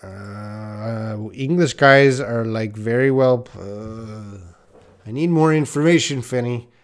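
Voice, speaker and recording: Male English teacher on a live Q&A stream, unhurried, blunt and direct with viewers. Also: medium pitch. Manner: reads viewer questions aloud and corrects them, blunt and direct.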